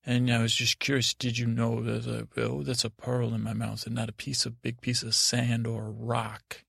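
A man voicing a fastidious, curious male talking cat in a spoken bedtime story, with a gravelly voice. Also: medium pitch, monotone, a bit bright, no echo, studio quality, heavily acted. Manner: prim, inquisitive.

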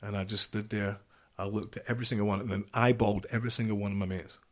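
A man's voice: fairly low pitch, flat delivery, fast talker. A middle-aged man from the United Kingdom, a former marine guest telling stories bluntly, with frequent swearing. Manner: blunt, swears often, vivid anecdotal storytelling. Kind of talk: casual storytelling interview.

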